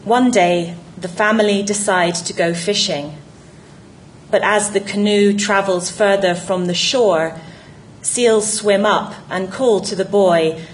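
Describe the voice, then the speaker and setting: Woman, scripted narration, slow, measured, reflective, mid pitch. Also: slight background noise, low-quality recording.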